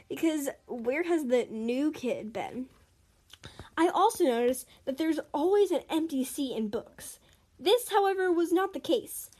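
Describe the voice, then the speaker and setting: A young woman reads her own stories aloud in a chatty way, breaking off for giggly asides. Her voice sits high and is a little mellow.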